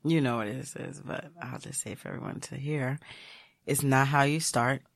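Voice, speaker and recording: A woman's voice: rumbling low, normal speed, gravelly, dry recording. A woman guest on a podcast, talking casually and expressively, acting out her own quotes as she tells stories. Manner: animated, expressive storyteller who acts out quotes. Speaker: guest, blogger. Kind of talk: casual interview chat.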